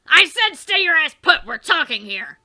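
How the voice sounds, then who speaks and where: A woman voicing a furious, shouting male troll teenager who swears and yells in a visual novel. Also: very high-pitched, very animated, moderate pace, creaky, voice pushed up, exaggerated voice. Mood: angry shouting. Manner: loud, yelling, swearing.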